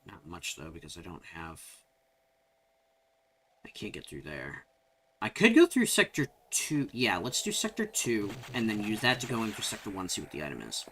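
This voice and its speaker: A man's voice: sits low, very animated, normal speed, pushed and bright, slight background noise. A man giving casual, rambling commentary while playing a game on stream, swearing when surprised. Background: game music.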